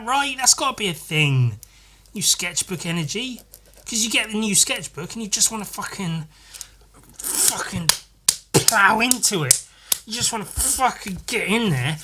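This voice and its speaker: A man hosting his own podcast, chatting loosely and playfully while he sketches, swearing constantly and now and then breaking into loud goofy voices. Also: sits high, slightly rough. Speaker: artist hosting a solo podcast. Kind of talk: casual rambling chat while sketching.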